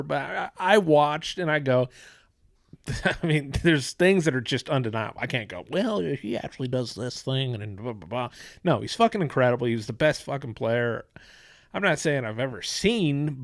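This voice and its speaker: A man's voice: fairly high pitch, dry recording, clean studio sound. A man hosting a podcast in casual chat, rambling, swearing freely and laughing often. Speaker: podcast host.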